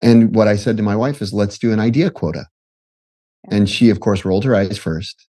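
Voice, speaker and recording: A man in his forties, a podcast guest, telling casual stories in an animated way, often breaking off and laughing. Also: lowish voice, fairly quick. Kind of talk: casual storytelling.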